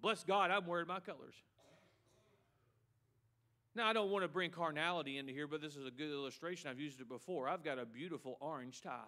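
A man's voice: fairly high pitch, fast talker, hardly any pauses, sharp tone. A middle-aged male pastor preaching a sermon with emphasis, repeating a refrain and mocking excuses.

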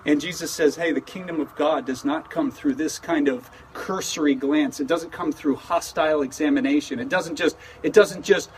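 Earnest pastor preaching outdoors, a bit distant. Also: male voice, fairly high pitch, moderate pace, few pauses. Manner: earnest, conversational preaching with frequent restarts. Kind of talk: sermon with opening prayer. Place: outdoor service in a parking lot. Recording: distant mic with faint outdoor noise.

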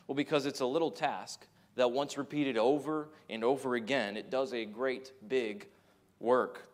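A man's voice: medium pitch, fairly even intonation, normal speed. A man delivering a sermon with earnest conviction. He tells stories along the way and slips into the voices of people raising doubts. His voice sits in a middle register. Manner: earnest preaching with acted quotes and storytelling. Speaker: pastor.

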